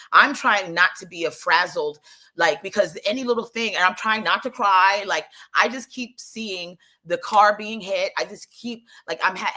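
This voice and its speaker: A young woman telling a story in a casual monologue, animated and emphatic, often restarting her sentences. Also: lowish voice.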